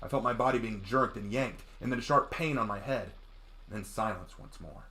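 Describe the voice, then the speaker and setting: A man's voice: lowish voice, a little fast, pushed and bright. A man hosting a let's play, reading his story's first-person narration and breaking in with enthusiastic asides. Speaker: game host and writer.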